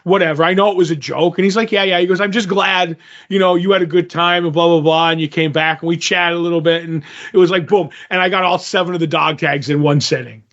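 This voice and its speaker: A man with a high voice tells a story in a casual chat, bouncing into the voices of the people he quotes. The audio is dull and lo-fi, like a cheap podcast recording. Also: quick pace. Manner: animated, acts out quoted dialogue. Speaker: podcast co-host.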